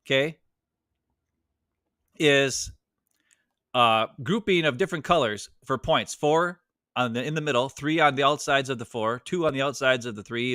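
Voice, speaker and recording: Bright-voiced man explaining on a video call. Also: mid-range voice, dry recording, clean studio sound. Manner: explaining at length, with chatty restarts. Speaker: co-host of a sports fan show. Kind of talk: casual chat over a video call.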